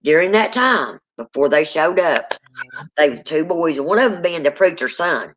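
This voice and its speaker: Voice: medium pitch, animated, normal speed, a bit bright. Dramatic storyteller, lo-fi sound. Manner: dramatic, acts out quoted people. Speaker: guest telling a true ghost story. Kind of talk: casual spoken storytelling. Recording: dull lo-fi sound.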